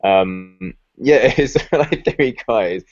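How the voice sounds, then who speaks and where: A man's voice: on the low side, lively intonation, very slow. A young man chatting casually as a podcast co-host, rambling and laughing often as he retells comedy sketches. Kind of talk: casual chat. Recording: dry, slightly dull lo-fi sound.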